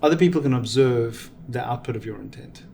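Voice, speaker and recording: Measured man explaining. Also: mid-range voice, vocal fry, warm tone, a little hiss or hum. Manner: measured, explanatory, gives examples. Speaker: venture capital guest. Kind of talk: reflective interview answers.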